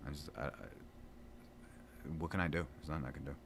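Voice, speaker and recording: Deep-voiced man rambling casually. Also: steady tone, fast, noisy background. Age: around 30. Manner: loose, chatty, self-mocking, plenty of fillers. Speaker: gaming vlogger. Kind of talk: casual rambling chat while gaming.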